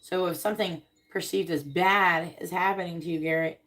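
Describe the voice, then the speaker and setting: A woman doing a casual live tarot reading, reading card meanings aloud and speaking bluntly, with swearing and quick comic voices. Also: lowish voice, steady tone, a bit bright. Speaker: tarot reader on a live stream.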